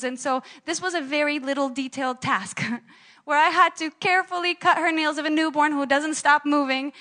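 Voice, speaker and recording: A woman with a high, bright voice delivers a sermon in a church. She tells personal stories with lively animation and laughs at herself along the way. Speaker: preacher.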